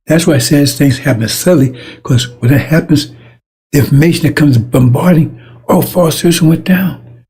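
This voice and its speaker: A man with a high-pitched, gravelly voice preaches in a loose, rambling way. His tone is raspy and husky, and he hammers his points home with repetition. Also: normal speed, dark tone. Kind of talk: informal sermon.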